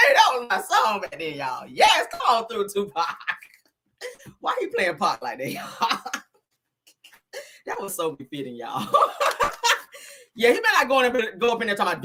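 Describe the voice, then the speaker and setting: A man's voice: high-pitched, wildly swooping pitch, normal speed, pauses often, sharp tone, slight background noise. A man hosting casual gossip commentary in a flamboyant, sassy, cackling manner.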